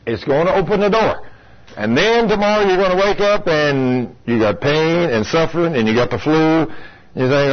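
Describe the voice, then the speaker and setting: A man's voice: a little high, animated, moderate pace. A man preaching a sermon in a folksy, direct way, speaking to his congregation and acting out complainers. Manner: folksy, talks straight to the congregation, acts out complainers. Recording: lo-fi radio broadcast.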